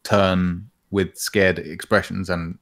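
Relaxed low-voiced man chatting games. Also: takes it slowly. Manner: relaxed, rambling, lots of fillers and "man", "bro". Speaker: podcast co-host. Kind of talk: casual gaming chat.

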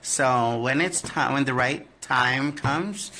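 A man's voice: medium pitch, slow pace, sharp tone, slight background noise. A man who performs in drag, answering fan questions in a candid, profane live-stream chat and often trailing off with "I don't know.".

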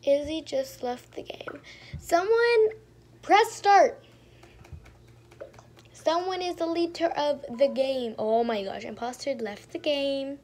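A woman's voice: high voice, a little slow, few pauses, mellow. A young woman casually commentating her own gameplay, sounding exasperated, talking to herself and often trailing off into mumbles. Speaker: gaming streamer.

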